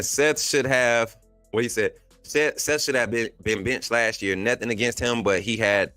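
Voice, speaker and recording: A man's voice: on the low side, no room sound. Man, Southern Alabama accent, live-stream host, casual and chatty, laughs a lot, dry close sound. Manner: animated, laughs often, reads and answers chat comments.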